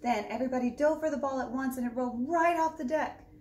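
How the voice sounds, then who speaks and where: Librarian lady reading a kids story, lively, kinda high voice, echoey room, mic far off. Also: fast. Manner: lively, expressive storybook narration. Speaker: children's librarian. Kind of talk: children's storytime read-aloud. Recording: roomy echo, distant mic, faint background hum.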